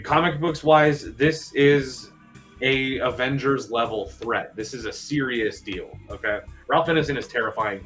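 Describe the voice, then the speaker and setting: Guy hosting a live movie stream, bright voice, chatty and excited, faint music behind. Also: lowish voice. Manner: chatty, excitable, talks straight to viewers and reads comments. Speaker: channel manager hosting a live movie news show.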